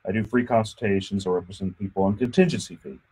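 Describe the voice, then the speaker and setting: A man's voice: fairly low pitch, quick pace, mellow, slightly rough. A man hosting a casual radio talk show, chatty and joking, with many fillers, speaking in a radio studio. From Texas. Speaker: radio show host and insurance attorney.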